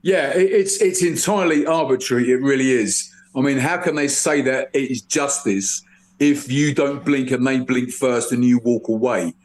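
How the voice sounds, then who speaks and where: Man, guest, emphatic storyteller, mid-pitched, casual discussion. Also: normal speed, darkish tone.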